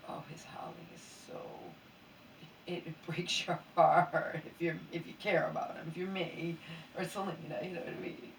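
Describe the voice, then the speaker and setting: A woman's voice: lowish voice, little pitch movement, moderate pace, creaky. Woman vlogger, drowsy and a bit hungover, rambles and half-whispers; mic well off, room echo. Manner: rambling, often drops to a near whisper. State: sleepy and mildly hungover. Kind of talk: casual late-night venting chat. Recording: roomy echo, mic at a distance, faint background hiss.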